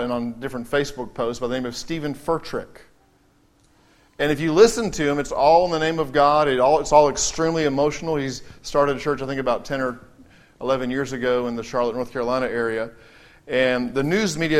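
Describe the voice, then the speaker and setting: A man preaching a sermon, reading Scripture aloud and slowing down to stress key words. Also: medium pitch. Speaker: pastor.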